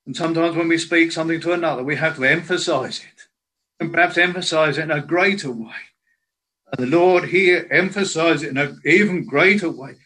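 A man preaching a sermon in a slow, earnest way, quoting scripture in old biblical language. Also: a little high, sharp tone, rough recording.

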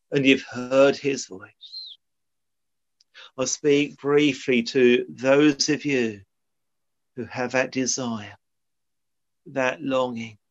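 A man preaching a sermon in a solemn, earnest way, often quoting old scripture. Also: mid-range voice. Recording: dull lo-fi sermon recording.

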